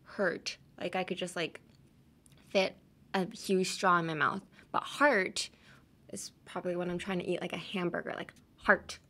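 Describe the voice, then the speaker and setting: A woman's voice: lowish voice, little pitch movement, a little fast, a bit bright. A young woman hosting a podcast and teaching English pronunciation in a casual, playful way. She laughs often and mixes English with Japanese. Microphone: talking into a camera.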